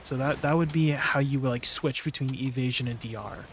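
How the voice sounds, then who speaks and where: Speaking at medium pitch and a little fast, a gamer chats casually with his livestream audience as he plays, under a faint hiss or hum. His manner is relaxed and talkative, full of filler words and frequent laughs.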